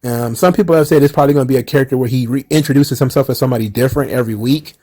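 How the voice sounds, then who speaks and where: A man's voice: medium pitch, very fast, mellow, breathy edge. A man hosting a casual solo wrestling commentary, rambling and swearing loosely and laughing often at what he describes.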